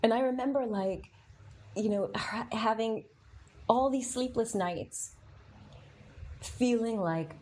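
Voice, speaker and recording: A woman's voice: fairly high pitch, slow pace, long pauses, a little mellow, breathy edge. A middle-aged woman hosting a podcast, telling a personal story in a candid, emotional way, with frequent fillers and to a live audience. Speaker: podcast host.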